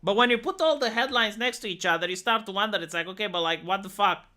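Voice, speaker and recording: A woman's voice: medium pitch, quick pace, pushed and bright. A woman from Romania, ranting on a casual livestream, swearing often and restarting her sentences. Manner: profane, exasperated, many restarts and fillers.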